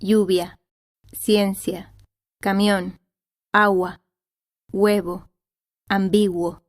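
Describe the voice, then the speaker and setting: A woman speaking single words as a pronunciation model, slowly and with deliberate, clear enunciation. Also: mid-range voice, flat delivery, no room sound, studio quality.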